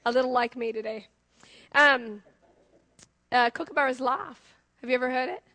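A young woman with an Australian accent preaching a sermon, asking her congregation lively questions as she goes. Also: high voice, normal speed, no echo.

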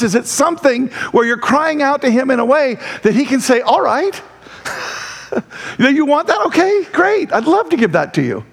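A male pastor preaching a sermon in a conversational, animated way who laughs often. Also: very high-pitched, creaky.

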